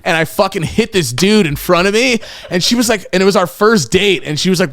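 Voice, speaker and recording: A man's voice: high-pitched, fast talker, few pauses, no room sound. A man co-hosting a podcast, telling stories casually with lots of swearing and acted-out quotes. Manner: profane, animated retelling with acted-out quotes. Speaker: podcast co-host. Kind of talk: casual storytelling chat.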